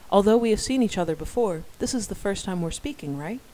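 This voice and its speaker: A shy young office woman, polite and a little flustered, as a reader puts her on. The voice is raised above the narrator's usual pitch in a fan-read story. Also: expressive, fast, warm tone, slight background noise, close to an everyday voice, poor audio.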